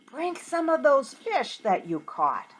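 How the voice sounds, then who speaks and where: A woman voicing Jesus as a calm grown man calling from the shore in a children's Bible story. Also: high voice, takes it slowly, pitched above the performer's own voice, full character voice.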